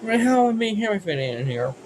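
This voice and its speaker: A man's voice: sits high, big pitch swings, fast talker, darkish tone, slight background noise. A man chatting casually while reacting to a video, playful and teasing.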